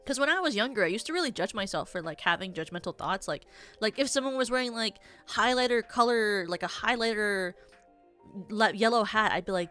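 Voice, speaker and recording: A woman's voice: medium pitch, lively intonation, a little fast, pushed and bright, soft background music. A young adult woman streaming as a VTuber, chatting casually in a rambling, theatrical way with many filler words. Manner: self-described yappy, theatrical.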